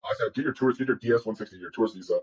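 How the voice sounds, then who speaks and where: Man, casual rambling storyteller, many restarts, fast, raspy. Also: on the low side, muffled recording. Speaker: guest telling his story.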